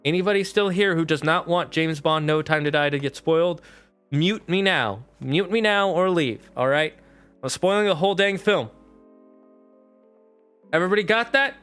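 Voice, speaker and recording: A man streaming live, chatting casually as he recaps a film in a rambling, animated way with lots of fillers. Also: fairly high pitch, moderate pace, smooth, soft background music.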